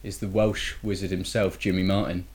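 Brief: male podcast host, fairly deep, loose banter with tag questions. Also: flat delivery, normal speed, a little mellow. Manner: chatty, teasing, leans on tag questions. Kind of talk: casual gaming podcast chat.

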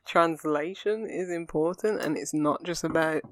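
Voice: medium pitch, unhurried, fairly bright tone, no room sound. Rambling podcast co-host, dry sound. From England. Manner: rambling and earnest, full of fillers and restarts. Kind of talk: casual chat.

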